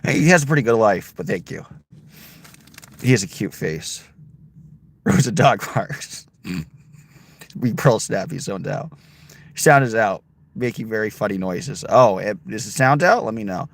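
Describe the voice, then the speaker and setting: A man's voice: on the low side, expressive, unhurried, creaky, long pauses. A man livestreaming casually on a road trip, rambling, reading chat aloud and talking to his dog. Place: outdoors and in a car on a road trip.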